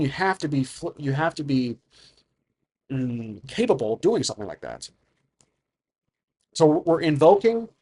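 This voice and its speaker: A man's voice: mid-range voice, a little mellow. A man narrating a solo tabletop game, improvising and thinking aloud about the rules.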